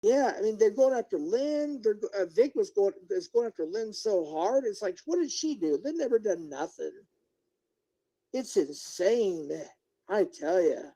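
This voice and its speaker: Middle-aged guy ranting on his stream, worked up, mellow dark voice, talking right at chat. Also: sits high, expressive, unhurried, low-quality recording. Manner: agitated, indignant, talks straight to viewers and chat. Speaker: YouTuber live-streaming to chat. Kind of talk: unscripted livestream rant.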